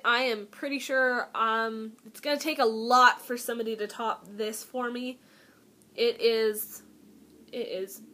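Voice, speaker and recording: A woman's voice: high voice, a bit bright. A young woman beauty vlogger chatting to camera at home, telling a self-mocking story with lots of giggles and dramatic asides. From Canada. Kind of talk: casual haul storytelling to camera.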